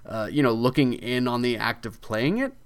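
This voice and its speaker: A man who writes video games, talking as a guest in a casual podcast interview, animated and jokey as he tells stories. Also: mid-range voice, normal speed, smooth.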